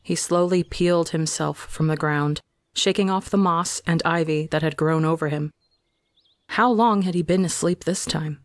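Male reader for audio fiction; calm, measured delivery, dry close recording. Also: fairly high pitch, gravelly, no room sound. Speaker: fanfiction reader. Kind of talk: scripted narration.

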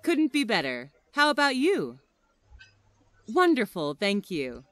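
Reading everyday English phrases slowly and one at a time, a woman uses a deliberate teaching style for learners. Her fairly high voice is a bit bright and swings hugely in pitch, with no echo.

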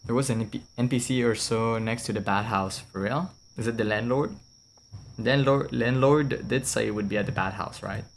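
A man's voice: medium pitch, moderate pace, creaky, slight background noise. A young man streaming a horror game with casual, jokey, rambling commentary, swearing and laughing often.

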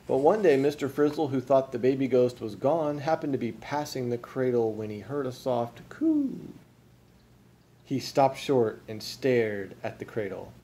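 A father reads a picture book aloud to young children in a lively storytelling manner. He stops now and then to put questions to his listeners. His voice is mellow, and a faint hum of background noise sits behind it. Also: medium pitch, unhurried.

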